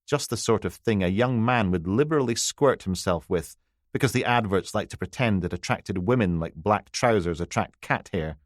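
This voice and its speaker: Man narrating a crime audiobook, low dry voice. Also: moderate pace, dry recording.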